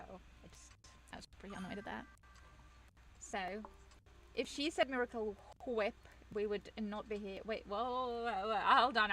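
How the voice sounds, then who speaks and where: A woman's voice: mid-range voice, pushed and bright, a little hiss or hum, rough recording. A woman from England, chatting casually on stream, telling rambling stories and reading chat aloud, full of fillers and restarts.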